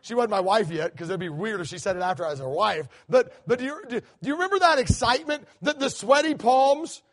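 A middle-aged man preaching a sermon in a church, animated, with many restarts. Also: high-pitched, a little fast, few pauses. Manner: animated, acts out quoted voices, many restarts. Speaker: guest preacher. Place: church sanctuary.

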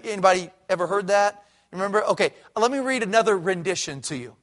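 A middle-aged pastor preaching a sermon in a fairly high voice. He swings between loud, emphatic peaks and low, hushed stretches as he presses his point. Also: quick pace.

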